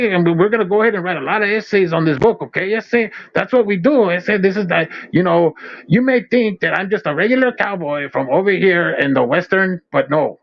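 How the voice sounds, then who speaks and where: A man's voice: sits high, voice pushed up. A man putting on a swaggering East LA cowboy. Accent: East Los Angeles. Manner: swaggering, calls people homes. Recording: dull lo-fi audio.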